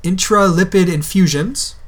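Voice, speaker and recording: A man's voice: sits high, unhurried. A young man co-hosting a podcast in casual chat, talking in a loose, hesitant way with lots of fillers and easy laughs. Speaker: podcast co-host.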